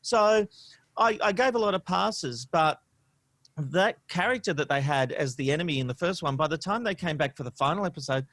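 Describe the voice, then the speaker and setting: A man co-hosting a casual podcast, his voice slightly on the high side and recorded close and dry. He talks in an animated, opinionated way, leaning on "you know" and "um" as he makes his points. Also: no echo. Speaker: podcast co-host. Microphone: studio microphone.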